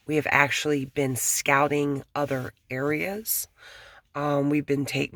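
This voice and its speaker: A woman vlogging casually from her apartment, rambling and frank, swearing and sometimes dropping to a hush. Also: rumbling low, vocal fry, no echo. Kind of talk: casual talk to camera. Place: apartment at home.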